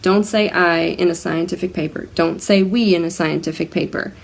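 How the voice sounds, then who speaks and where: A woman's voice: fairly low pitch, steady tone, moderate pace, creaky. A woman hosting a writing-tips lesson, explaining grammar rules in a casual, conversational way with spoken examples.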